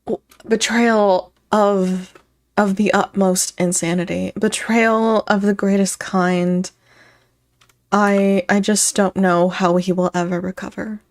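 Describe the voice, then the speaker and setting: Woman streamer, unhurried, laughs often, chatty reaction commentary. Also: mid-range voice, little pitch movement. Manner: playful, giggly, thanks chat viewers by name. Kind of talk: casual live-stream commentary.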